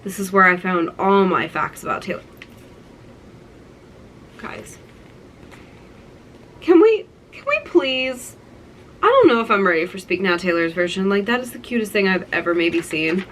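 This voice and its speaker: A woman's voice: mid-range voice, sing-song, brisk, fairly bright tone, a little hiss or hum, poor audio. A young woman in her twenties talking through a keepsake collection, gushing and nostalgic, with lots of "like". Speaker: vlogger. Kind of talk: casual show-and-tell vlog.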